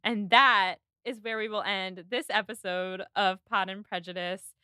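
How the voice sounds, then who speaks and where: Woman podcast host, bright voice, dry close mic, just chatting. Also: medium pitch, steady tone, measured pace, smooth, no room sound. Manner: chatty, acts out quoted lines in passing. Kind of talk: casual chat recapping a period drama.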